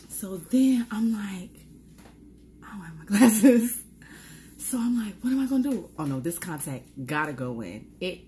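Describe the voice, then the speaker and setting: A young woman with a New York accent telling a casual storytime vlog, acting out her own reactions with squeals and talking in slangy, quick bursts. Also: fairly low pitch, warm tone, a little hiss or hum. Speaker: vlogger.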